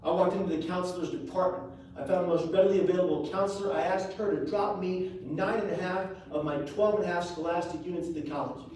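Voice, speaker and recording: A man giving a live speech at an event, telling a personal story with dramatic swings between loud and hushed delivery. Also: high voice, fairly even intonation, quick pace. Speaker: motivational speaker. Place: event venue, indoors. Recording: echoey room recording from far off, faint hiss.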